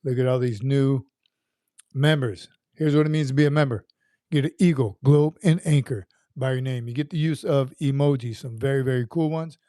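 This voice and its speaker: A man's voice: mid-range voice, moderate pace, warm tone, no echo, clean studio sound. A man hosting a casual livestream, greeting viewers by name in an upbeat, folksy, rambling way. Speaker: livestream host.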